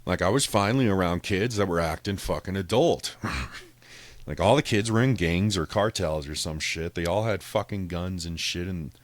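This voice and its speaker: A man's voice: low-pitched, normal speed. A young man casually telling a story from his past, swearing a lot, laughing often and quoting people in his own voice. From Colorado, US. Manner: profane, laughing, quotes others in his own voice. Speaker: podcast guest telling a story.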